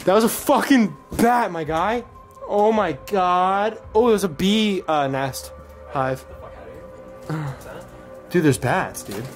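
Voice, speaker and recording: A young man explores a decaying abandoned house and films it on a handheld camera. His voice sits high and leaps widely as he jumps, yells, swears and jokes. A faint music bed plays underneath. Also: expressive, slow, long pauses. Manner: jumpy, loud, swearing, joking. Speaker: vlogger. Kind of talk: casual exploring vlog.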